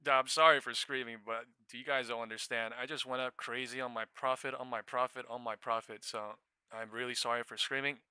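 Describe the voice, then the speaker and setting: A young man hosting a live stock trading stream, swearing freely and breaking into shouts and laughter between quick market calls on a new studio mic. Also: mid-range voice, fairly even intonation, smooth, no echo. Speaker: day-trading livestream host. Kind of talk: excited live trading commentary.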